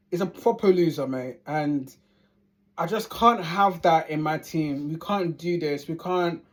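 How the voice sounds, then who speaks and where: A woman's voice: fairly low pitch, a little mellow. A woman ranting as a football fan vlogger, heated and sweary, repeating phrases for emphasis. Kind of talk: angry fan rant.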